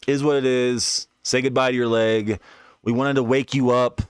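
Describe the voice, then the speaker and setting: A man's voice: mid-range voice, little pitch movement, normal speed, clean tone, no room sound, studio quality. A young man telling a personal story on a stream in a casual, profane, slangy way, with frequent restarts and asides.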